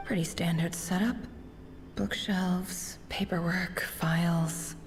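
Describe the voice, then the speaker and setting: A woman's voice: lowish voice, little pitch movement, takes it slowly, faint music behind. An actress voicing a curious young woman adventurer who searches an office in a whisper, whispered role-play. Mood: hushed curious. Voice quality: whispered, gravelly.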